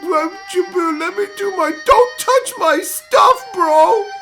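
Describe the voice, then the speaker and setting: A man's voice: very high voice, lively intonation, extremely slow, over music, voice pushed up, full character voice. A man putting on the voice of a petulant, whining male card player who sobs over his cards. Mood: whiny. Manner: sobbing, whining mockery.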